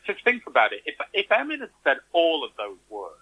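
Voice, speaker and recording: A man's voice: fairly high pitch, huge pitch swings, a little fast, breathy edge, phone-quality sound. A man telling his story as an interview guest, animatedly acting out the reactions he quotes. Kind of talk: conversational interview.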